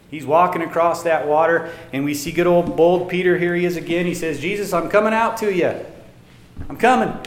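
A male pastor preaching a sermon, swinging between loud emphatic lines and quiet asides. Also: fairly high pitch, a little hiss or hum. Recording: echoey room with faint ambience.

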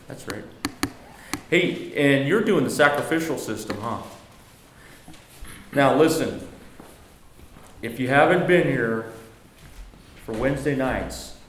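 Guy teaching bible class, jokey, fixes his own words a lot, roomy echo, bit of hiss. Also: medium pitch. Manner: conversational, self-correcting, joking. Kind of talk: casual church class teaching. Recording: echoey room, faint noise.

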